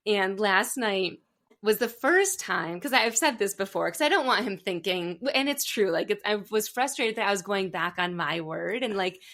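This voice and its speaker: A woman's voice: mid-range voice, expressive, normal speed, a bit bright. A young adult woman hosting a podcast interview, telling stories in a chatty, casual way. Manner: chatty storyteller, acts out quotes. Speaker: podcast host.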